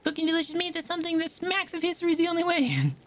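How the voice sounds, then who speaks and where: A woman voices a fussy, proud young woman cook in a video game, reading lines in a high, chirpy, indignant voice at rapid-fire speed. There's a little hiss or hum in the recording.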